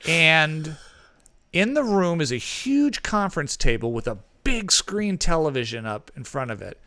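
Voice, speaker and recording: A man's voice: on the high side, big pitch swings, a little slow, sharp tone, slight background noise. A man co-hosting a podcast, telling a long rambling anecdote in casual chat. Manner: rambling anecdote with many fillers and restarts. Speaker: podcast co-host.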